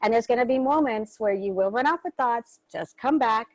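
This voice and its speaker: A woman leads an online workshop in a loose, chatty manner, now and then letting a swear word slip. Her voice sits a little high and sounds dry and close, without room echo, as it comes through a video call. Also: animated, moderate pace. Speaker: workshop host. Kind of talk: casual guided instruction.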